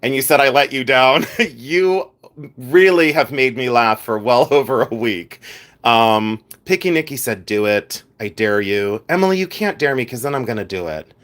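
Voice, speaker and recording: A man's voice: medium pitch, normal speed, fairly bright tone. A man hosting a casual live stream, chatting playfully with viewers, reading out their comments and laughing often.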